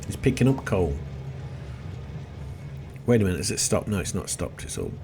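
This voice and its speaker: A man's voice: sits low, big pitch swings, normal speed, vocal fry. A middle-aged man giving chatty, self-deprecating gameplay commentary, often muttering to himself as he plays. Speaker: let's play host. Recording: noisy background with seagulls.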